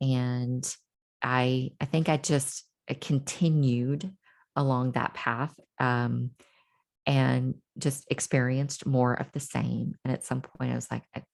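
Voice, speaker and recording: A woman's voice: extremely low pitch, flat delivery, takes it slowly, gravelly, darkish tone. A middle-aged woman as an interview guest, telling her personal story candidly and reflectively, with many fillers and restarts.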